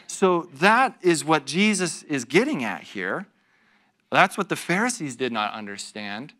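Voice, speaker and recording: A man preaching a conversational sermon, telling stories about himself with laughter and quick asides to the congregation. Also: on the high side. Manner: animated, self-deprecating storytelling with laughs and asides to the congregation. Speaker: pastor teaching a Bible study. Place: church.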